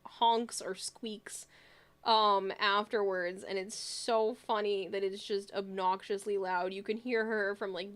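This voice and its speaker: A woman streamer chatting casually with viewers, telling funny family stories with frequent laughter and reading comments aloud. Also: mid-range voice. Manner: giggly storytelling, reading chat aloud.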